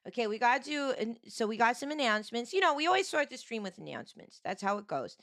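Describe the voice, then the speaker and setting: A woman streamer with a sore, hoarse voice, greeting chat viewers one by one and chatting casually on a live stream. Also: mid-range voice, sing-song, fairly quick, a bit bright, no echo, studio quality.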